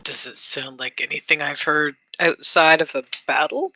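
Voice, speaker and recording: A tabletop game player chatting in a slow, playful way. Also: medium pitch, sharp tone, dry recording. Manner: slow, playful, laughs often. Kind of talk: casual tabletop game chat.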